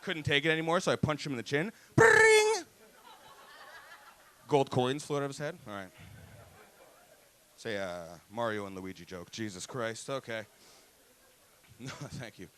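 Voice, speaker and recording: A man's voice: medium pitch, moderate pace, long pauses, a bit bright, a little hiss or hum. A man in his thirties from Toronto with a Toronto accent, performing stand-up comedy, profane, often laughing, acting out other voices. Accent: Toronto English. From Toronto, Canada. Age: 30s. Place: comedy club stage.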